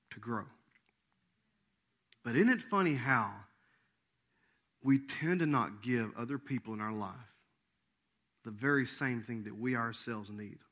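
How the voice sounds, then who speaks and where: A man preaching a sermon as pastor, animated, dropping to soft asides and jumping to loud acted-out quotes. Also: fairly high pitch.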